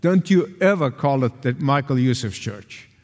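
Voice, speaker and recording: A man's voice: mid-range voice, lively intonation, normal speed, darkish tone, long reverb tail. A male pastor from the Arab world preaching a sermon with an emphatic, repetitive cadence.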